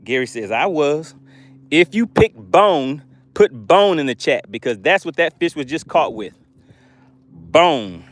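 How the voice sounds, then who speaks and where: An excitable man hosts a live fishing stream from a boat outdoors. He hypes every catch and reads chat messages aloud in a slightly high voice, picked up by a phone or camera mic. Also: unhurried. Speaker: fishing livestream host.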